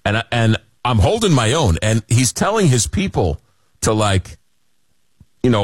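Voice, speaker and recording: A man's voice: medium pitch, sing-song, unhurried, dry recording, clean studio sound. A man from hosting a late-night call-in radio show, telling rambling, self-deprecating stories in a casual chat. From Long Island, New York. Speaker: radio talk show host. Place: radio studio.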